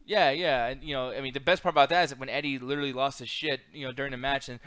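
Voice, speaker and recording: A man's voice: mid-range voice, fairly even intonation, very fast, few pauses, a bit bright, dry recording, studio quality. A man co-hosting a casual wrestling chat, ranting profanely and dropping into mocking impressions. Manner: profane, rant-driven, drops into mocking impressions. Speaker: co-host.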